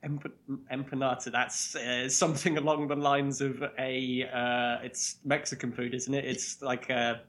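A man's voice: mid-range voice, level tone, measured pace, few pauses, fairly bright tone. A man with an English accent, a podcast guest chatting casually and making dry jokes. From England. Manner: dry, joking.

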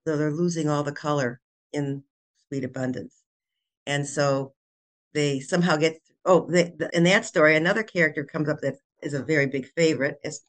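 An older woman, a children's author and guest, retelling her book's plot in a casual, animated way with laughs. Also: sits low. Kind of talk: casual storytelling interview.

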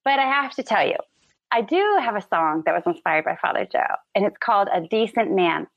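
A woman calling in to a live-stream interview, telling heartfelt stories with animated energy. Her voice has a gravelly, fry-laden texture. The audio is dry and close, with a dull, lo-fi remote sound. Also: mid-range voice, fairly quick, no echo. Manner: animated, emotional storytelling. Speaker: guest, author and musician. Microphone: remote call.

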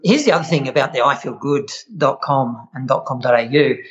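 A man's voice: medium pitch, brisk, lo-fi sound. A middle-aged Australian man, a chef, telling stories in a casual interview and laughing often. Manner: animated storyteller, laughs often. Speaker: guest, chef running an online membership.

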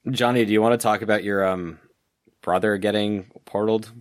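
A man playing in a tabletop game podcast, recapping in a rambling, halting way. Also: on the low side, steady tone, no echo, clean studio sound. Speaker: player. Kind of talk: casual podcast banter.

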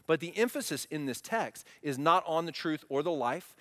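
A man in his thirties preaching a sermon, animated and asking the congregation questions. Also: a little high, moderate pace, hardly any pauses. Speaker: pastor. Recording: long hall reverb.

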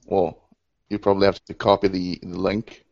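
Low-voiced male player, casual. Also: flat delivery, normal speed, vocal fry, a little mellow. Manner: casual, asks rules questions. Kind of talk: casual tabletop game chat. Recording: dull lo-fi voice chat.

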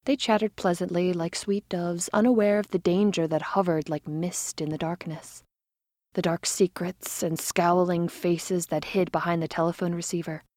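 A woman narrating a first-person story with dramatic, expressive delivery, dropping to a whisper in tense moments. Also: lowish voice, normal speed, dry recording, studio quality.

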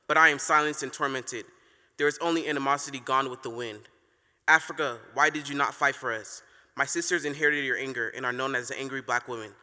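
A man's voice: mid-range voice, bright, forceful tone. A teenage boy performing a solemn spoken word poem on stage. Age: teens. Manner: solemn, declamatory. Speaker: youth slam poet. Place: theater stage. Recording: long reverb of a large venue.

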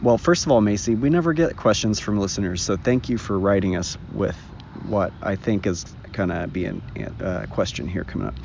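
A man's voice: fairly low pitch, lively intonation, brisk, creaky, few pauses, darkish tone. A man co-hosting a podcast, chatting casually and rambling outdoors in a park. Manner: rambling, laughs often. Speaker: podcast co-host. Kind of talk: casual chat. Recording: dull lo-fi recording, faint noise.

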